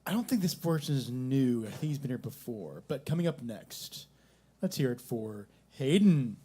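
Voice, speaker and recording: A man hosting an open mic, low-key and hesitant between acts. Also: sing-song, normal speed. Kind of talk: casual emceeing. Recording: distant, faint room noise.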